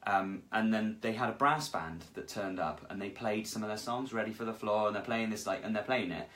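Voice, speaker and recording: A man's voice: fairly low pitch, fairly quick, a bit bright. A man, a guest at home, telling rambling, self-deprecating anecdotes. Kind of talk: casual chat. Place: his home.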